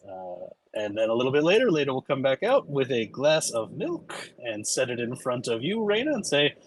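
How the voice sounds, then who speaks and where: A man narrating a tabletop game as its game master, in a relaxed, casual way. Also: mid-range voice, normal speed, rough recording.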